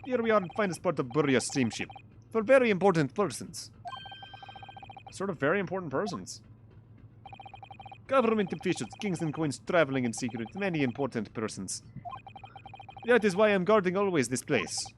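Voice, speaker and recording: A man voicing a gruff, blunt Russian sailor guard who speaks broken English in a put-on Russian accent, as he reads a story game aloud. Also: a little high, very animated, a little fast, slight background noise. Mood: boastful.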